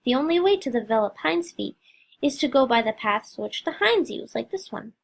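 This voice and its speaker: A woman voicing a kind, cheerful male shepherd who speaks with gentle reassurance in a storybook reading. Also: high voice, lively intonation, normal speed, gravelly, full character voice. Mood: cheery.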